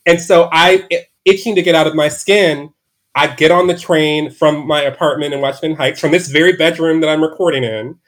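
A man's voice: on the high side, fairly even intonation, brisk. Rambling man telling a candid story. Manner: rambling, frequent "like" fillers and restarts. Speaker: podcast guest. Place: his bedroom at home.

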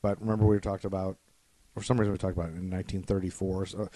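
A middle-aged man co-hosting a podcast, rambling through deadpan self-mocking corrections in casual banter. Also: low-pitched, rapid-fire, no echo. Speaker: podcast co-host.

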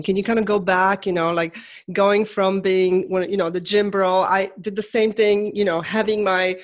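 A podcast host asking rambling questions in friendly, casual chat, laughing often. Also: medium pitch.

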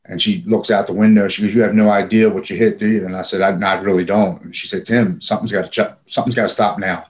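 A man's voice: lowish voice, steady tone, fast talker, hardly any pauses. A man casually telling a personal story in plain, profane speech with frequent fillers. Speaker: guest telling his recovery story.

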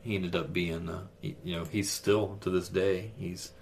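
A man's voice: sits low, steady tone, moderate pace, vocal fry, slight background noise. A man co-hosting a casual talk show, enthusiastic, laughing often and trailing off into fillers. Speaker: podcast co-host. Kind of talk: casual chat about wrestling.

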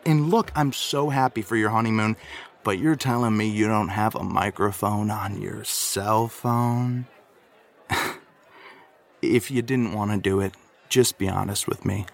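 A man leaving a rambling, comedic voice message for a podcast, flustered and jumping into a higher voice when he gets worked up. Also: steady tone, measured pace, vocal fry.

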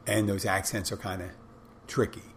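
A man with a fairly low voice talks through a solo podcast episode. He drifts from point to point and corrects himself mid-sentence. A faint hum of noise sits under the recording. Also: little pitch movement, moderate pace, creaky, a bit bright. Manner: rambling, conversational, self-correcting. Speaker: podcast host. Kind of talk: casual solo podcast monologue.

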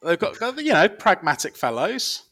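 A man's voice: fairly high pitch, sing-song, normal speed, pushed and bright. A man chatting as a podcast guest, joking and rambling with lots of fillers. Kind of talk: casual chat.

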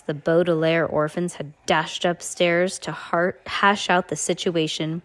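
A woman reading a children's novel aloud on her podcast, often stumbling and correcting herself and adding chatty asides. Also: lowish voice.

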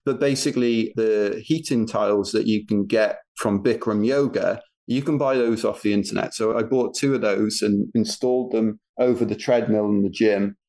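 A British man talks as a podcast guest in a relaxed, chatty way. He laughs easily and pokes fun at himself as he tells his stories. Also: on the low side. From England. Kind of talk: casual podcast interview. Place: home garage gym.

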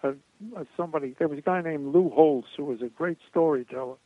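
An older man spins rambling, chuckling stories as an interview guest. His voice sits a little high for a man and comes through a thin, phone-like line. The sound is dry and close, with no room around it. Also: quick pace, no room sound. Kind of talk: anecdotal storytelling interview.

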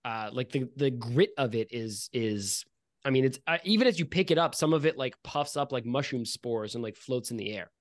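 A man's voice: medium pitch, lively intonation, moderate pace, no room sound. A man running a tabletop game as game master, describing scenes in a casual, filler-heavy way. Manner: casual, laid-back descriptions with many fillers.

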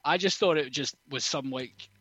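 A man's voice: mid-range voice, normal speed, a bit bright, breathy edge, no echo. A man co-hosting a podcast in casual chat, making wry jokes with many stammering restarts. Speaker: podcast co-host.

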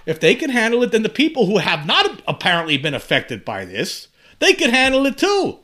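A man's voice: high voice, wildly swooping pitch, fairly quick, sharp tone. A man in his fifties talking on his own, rambling and impassioned, often repeating words and restarting sentences as he builds to urgent appeals. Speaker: channel host. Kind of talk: monologue to camera.

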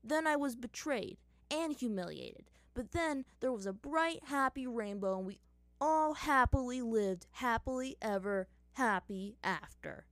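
A woman's voice: medium pitch, big pitch swings, measured pace, hardly any pauses, a bit bright, dry recording. A woman voicing a sarcastic, mocking teenage boy held captive.

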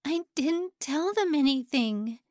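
A fragile young woman prisoner pleads near tears, her voice lifting higher and louder than the narration around it, as a woman puts her on. The delivery is slow and earnest. The sound is dry and close. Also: expressive, dry recording. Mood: pleading.

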